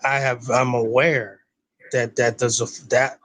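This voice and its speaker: A man's voice: medium pitch, level tone, unhurried, a bit bright, no echo, poor audio. A man co-hosting a casual streamed discussion, reasoning step by step with hesitations and restarts.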